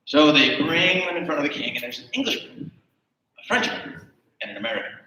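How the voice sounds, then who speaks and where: A man telling a long joke on stage, acting out the characters' lines loudly. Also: fairly high pitch, brisk. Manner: animated storyteller, acts out character lines loudly. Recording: echoey hall from far off.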